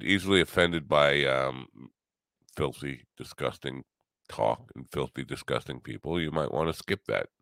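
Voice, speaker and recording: A man's voice: rumbling low, vocal fry, fairly bright tone, no room sound. A middle-aged man hosting a solo morning chat show, rambling with wry, teasing humor. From US Northeast. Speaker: podcast host.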